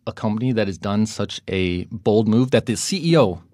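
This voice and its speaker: A man's voice: lowish voice, expressive, normal speed, a little mellow, no echo, studio quality. Upbeat male podcast host. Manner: upbeat, with many fillers in unscripted talk. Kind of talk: podcast interview.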